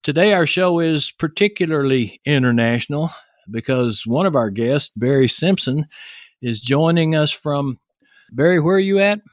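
A man's voice: a little high, expressive, normal speed, no room sound, studio quality. A man with a Texan accent hosting a podcast interview, talking in a chatty, joking way with rambling asides, from his home office. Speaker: podcast host. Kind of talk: casual interview chat. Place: home office in an upstairs bedroom.

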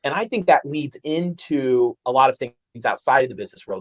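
A man's voice: mid-range voice, expressive, a little fast, few pauses. Rambling man in casual talk. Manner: rambling, repeats phrases. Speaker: co-host. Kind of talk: casual podcast discussion.

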